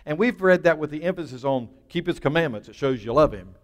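A man preaching in a church with a fairly high voice that carries a long reverb through the room. He pushes his points out in emphatic bursts, then drops almost to a hush. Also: lively intonation, quick pace. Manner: emphatic, with rising bursts and dropping to a near hush. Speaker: pastor. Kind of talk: sermon.

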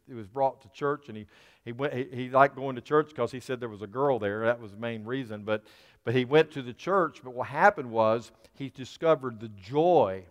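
A man's voice: medium pitch, moderate pace, muffled recording. A man preaching a sermon as pastor to his congregation, building into fervent emphasis. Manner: preaching to a congregation, rising into fervor. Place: church sanctuary. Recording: long reverb of a large hall.

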